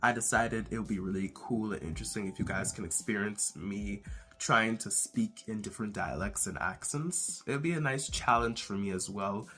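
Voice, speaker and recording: A young man from the Bahamas with a Bahamian accent and a raspy voice, hosting his own channel in a relaxed, casual way with many fillers. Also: fairly low pitch, moderate pace, faint music behind. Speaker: channel host. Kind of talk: casual vlog monologue.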